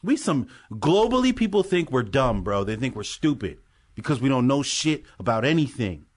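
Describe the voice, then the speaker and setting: A man's voice: mid-range voice, sing-song, normal speed, husky. An American man co-hosting a podcast, ranting emphatically with heavy swearing in casual chat. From United States. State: high. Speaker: podcast co-host.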